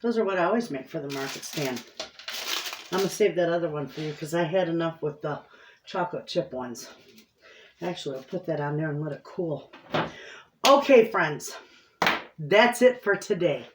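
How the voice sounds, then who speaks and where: A woman's voice: deep voice, animated, moderate pace, long pauses, roomy sound, background noise. A woman hosting a homestead baking vlog, chatting casually and talking straight to her viewers from her kitchen. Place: home kitchen.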